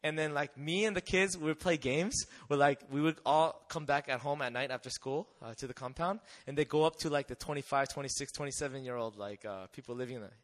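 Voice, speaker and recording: A young man giving a lively testimony talk, telling a mission story with acted-out voices and frequent laughter. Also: mid-range voice, a little fast, hardly any pauses. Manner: animated storyteller, acts out voices, laughs often. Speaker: missionary speaker.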